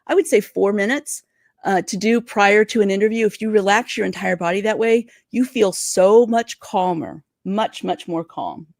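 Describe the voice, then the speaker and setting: A woman career coach giving interview tips in a livestream, talking fast and excitedly. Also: medium pitch, no room sound, studio quality. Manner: energetic, talks fast and excitedly.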